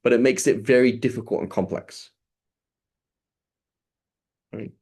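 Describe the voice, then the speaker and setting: A man's voice: mid-range voice, measured pace, darkish tone, slightly rough. A man teaching Arabic grammar to a small group over a video call, explaining step by step and checking in with a frequent "right?".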